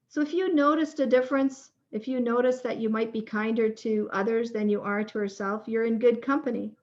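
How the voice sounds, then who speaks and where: Woman workshop leader, raised pitch, soft guided prompting, dull lo-fi recording. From Canada. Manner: slow, gentle prompting with pauses. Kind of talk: guided reflection exercise.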